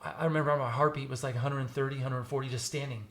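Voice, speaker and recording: Animated man telling a story on a podcast. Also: medium pitch, fast talker. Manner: animated, repeats words, restarts a lot. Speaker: podcast guest, former firefighter recruit. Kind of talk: casual interview storytelling.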